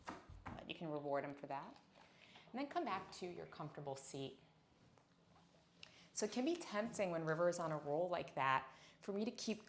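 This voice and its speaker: A woman teaching a dog yoga class, speaking gently and encouragingly, with frequent praise for her dog. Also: fairly low pitch, a little hiss or hum. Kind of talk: instructional class talk. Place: indoors on a yoga mat.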